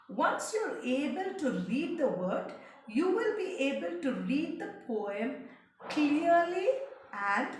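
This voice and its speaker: A woman's voice: fairly high pitch, fairly bright tone. A woman teaching an English lesson to children, reciting a poem in a sing-song way and spelling words out letter by letter. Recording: echoey room, distant mic, faint noise.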